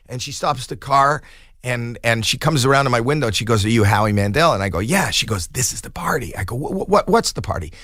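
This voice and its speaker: A man in his sixties, a podcast guest telling a comic story in an animated way and acting out the quoted voices. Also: mid-range voice, fast, no echo, clean studio sound.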